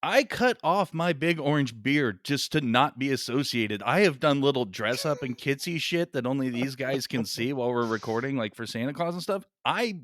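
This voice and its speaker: Lively sarcastic podcast co-host man. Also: mid-range voice, normal speed, few pauses, no echo. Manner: sarcastic, profane, laughing riffs. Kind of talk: casual podcast chat. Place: home basement.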